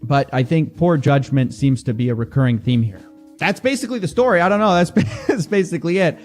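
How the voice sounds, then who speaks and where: A man's voice: fairly high pitch, brisk, soft background music. A man talking straight to camera as an investigative internet commentator, exasperated and a bit mocking. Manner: animated, exasperated, mocking quoted voices. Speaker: investigative YouTuber.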